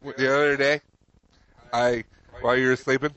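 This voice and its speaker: A man's voice: medium pitch, flat delivery, moderate pace, a bit bright, clear, resonant tone, lo-fi sound, natural voice. Casting: a man playing a sly, teasing pet cat, podcast comedy bit, everyday voice. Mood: smug. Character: smug mischievous house cat, male.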